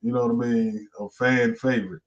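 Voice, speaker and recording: Animated Southern comedian host. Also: male voice, medium pitch, brisk. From Georgia, US. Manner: animated, profane, rambling storyteller. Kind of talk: casual storytelling chat. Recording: muffled lo-fi stream audio.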